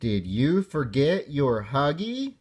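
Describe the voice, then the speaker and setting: A man reading aloud and voicing a caring frog mother who gently reminds her son of things. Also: medium pitch, big pitch swings, slow, husky, exaggerated voice. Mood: gentle.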